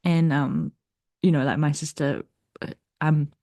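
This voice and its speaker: A young adult woman hosting her own podcast, talking candidly and at length about her week, with restarts and soft laughs. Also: sits low, a little slow, no echo. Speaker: podcast host. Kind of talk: personal confessional monologue.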